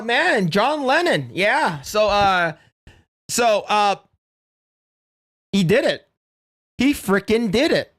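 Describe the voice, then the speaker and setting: A man hosting a casual livestream, reacting with loud exclamations and low mutters. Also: sing-song, slow. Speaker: streamer and podcast host.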